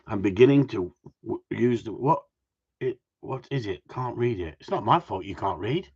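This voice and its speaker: A man's voice: fairly low pitch, animated, moderate pace, a little mellow, breathy edge. A man, a gundog trainer, chatting casually with viewers outdoors in the cold, reading their comments and joking as he rambles. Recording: muffled lo-fi sound.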